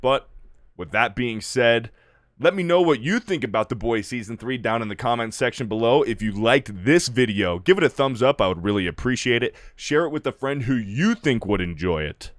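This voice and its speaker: A man's voice: medium pitch, lively intonation, moderate pace, no echo, studio quality. A man giving a casual, profanity-heavy spoken review and loosely recapping a plot as the channel's host. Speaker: video reviewer.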